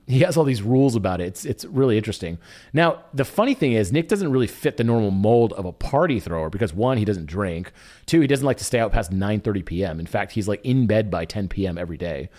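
Guy hosting his weekly email show, chatty and upbeat, quick little asides, middle-pitched voice. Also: darkish tone. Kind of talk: casual chat walking through a screen share.

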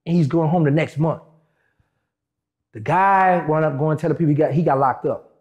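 Fast-talking man telling a story. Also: a little high, muffled recording. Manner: animated, acts out quoted dialogue in shifting voices. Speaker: interview guest. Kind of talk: casual storytelling.

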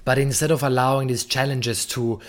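A man's voice: medium pitch, little pitch movement, normal speed. A man hosting a podcast, talking bluntly and emphatically about masculinity, swearing freely. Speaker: podcast host. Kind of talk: monologue on masculinity and relationships.

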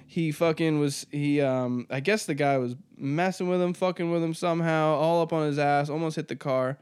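A man's voice: a little high, steady tone, normal speed, darkish tone, clear, resonant tone, no room sound, clean studio sound. A man hosting a podcast alone, rambling casually with lots of swearing and laughing at his own jokes. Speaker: podcast host. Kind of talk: casual solo podcast monologue.

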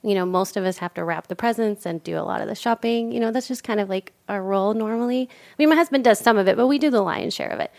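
A woman's voice: medium pitch, quick pace, gravelly, hardly any pauses. A middle-aged woman co-hosting a podcast, chatting casually and acting out the dialogue in her stories. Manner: animated storyteller acting out dialogue. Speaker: podcast co-host. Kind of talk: casual chat.

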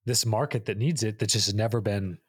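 A man's voice: lowish voice, brisk, breathy edge, dry recording, clean studio sound. A man co-hosting a podcast, explaining his points in a casual, reflective way. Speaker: podcast co-host. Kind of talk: casual chat.

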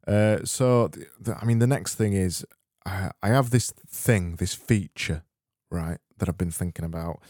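A man's voice: low-pitched, a little slow, a little mellow, no room sound, studio quality. A man from Britain hosting a comedic solo podcast, rambling and sardonic as he reads listener messages. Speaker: podcast host.

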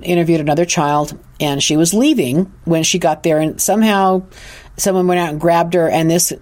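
A woman who works as an intuitive counselor, earnestly telling a personal story on a podcast and often restarting her sentences. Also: sits low. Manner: earnest, animated retelling with frequent restarts.

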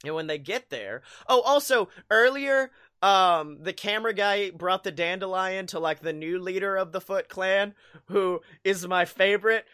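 A man's voice: high voice, normal speed, sharp tone, clear, resonant tone. A man hosting a podcast, recapping a movie in a rambling, profane way with frequent laughs. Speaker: podcast host. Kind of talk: casual chat recapping a movie.

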